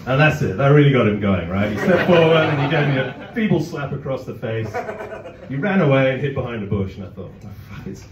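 A man's voice: medium pitch, very animated, fast talker, very noisy. A man performing a stand-up comedy set in a club, chatty, breaking off with apologetic asides. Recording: roomy, distant, dull audience recording. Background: audience laughter.

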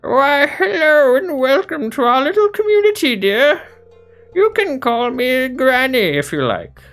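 Streamer doing a sweet high old granny. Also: very animated, faint music behind, full character voice. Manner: warm, high, drawn-out. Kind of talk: let's play voicing game characters.

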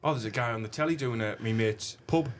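A man's voice: medium pitch, fast, slight background noise. A man hosting a podcast, telling a story in casual talk, swearing freely and acting out the voices of the people he quotes. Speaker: podcast host.

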